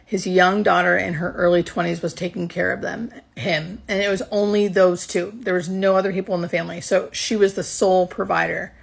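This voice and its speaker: A woman's voice: fairly low pitch, steady tone, brisk, creaky, hardly any pauses. A woman who works as a hospice nurse, earnestly telling a personal work story in a casual way, close to tears.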